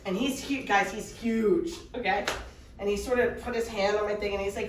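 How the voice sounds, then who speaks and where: A middle-aged woman coaching a live workshop audience, telling a story with quick, animated energy. Her voice carries the echo of the room and sits back from the mic, with a faint room hum underneath. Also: on the high side. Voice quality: animated, fast storytelling with laughs. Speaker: mindset coach. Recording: echoey room, voice from far off.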